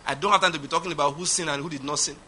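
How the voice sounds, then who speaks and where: A man preaching a sermon, emphatic, swinging from loud declarations to quiet asides. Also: on the high side, steady tone, rapid-fire, breathy edge. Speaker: pastor.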